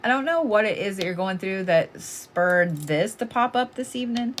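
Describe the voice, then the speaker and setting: A woman's voice: medium pitch, animated, normal speed, slight background noise. A woman giving casual live oracle card readings, blunt and chatty, swearing freely as she talks to callers.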